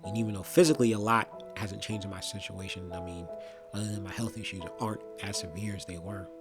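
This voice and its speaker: A young man speaking earnestly and reflectively about his own experience, with frequent pauses and restarts. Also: sits low, steady tone, over loud music. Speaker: vlogger. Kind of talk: personal testimony monologue.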